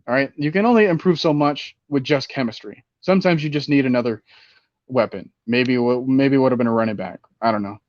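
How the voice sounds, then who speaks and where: Man, casual sports chat, rambling, animated, muffled sound, dry room. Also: mid-range voice, a little fast, no room sound. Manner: rambling, animated, with many fillers. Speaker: fantasy football podcast host.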